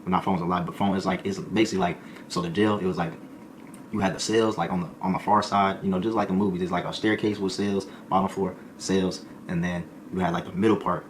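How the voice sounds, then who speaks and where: A man with a low voice rattles through a story at a quick clip. He talks in loose, slangy bursts and sometimes jumps into other people's voices. A faint background hum sits under the recording. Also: fairly even intonation. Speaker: streamer telling a story. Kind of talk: casual storytelling.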